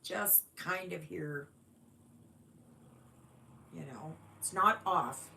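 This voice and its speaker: A woman's voice: lowish voice, creaky, sharp tone, slight background noise. A woman from Canada hosting a casual stitching livestream, chatting unhurriedly and greeting viewers by reading their comments aloud. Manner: unhurried, rambling with fillers. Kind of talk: casual live-stream chat.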